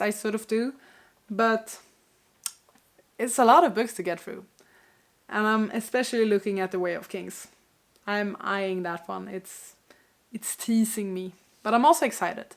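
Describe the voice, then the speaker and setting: A woman with a stuffy, congested voice talks casually to her camera. She rambles a little, second-guesses herself and picks up again, in a mid-pitched, conversational voice. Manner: chatty, self-doubting, rambling. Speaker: book vlogger.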